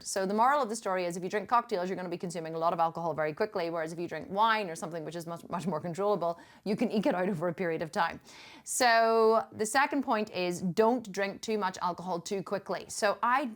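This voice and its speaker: A middle-aged woman from Northern Ireland with a Northern Irish accent, telling a story in a chatty, emphatic vlog style. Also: fairly low pitch. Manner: chatty and emphatic, with frequent restarts and laughs. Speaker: fitness coach.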